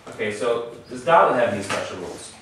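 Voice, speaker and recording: A man's voice: mid-range voice, lively intonation, quick pace. Man teaching in an echoey room. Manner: patient, explains step by step, checks in with "okay?". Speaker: Hebrew teacher. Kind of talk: classroom lesson. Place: classroom with students. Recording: echoey room from far off, faint noise.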